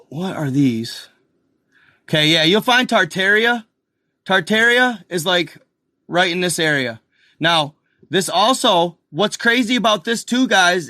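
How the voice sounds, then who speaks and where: A man hosting a casual video, excitedly talking viewers through an old map and repeating himself as he points things out. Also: fairly high pitch, dry recording, studio quality. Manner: excited, repetitive, addresses viewers as guys and y'all. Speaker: video host. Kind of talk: casual commentary over a map.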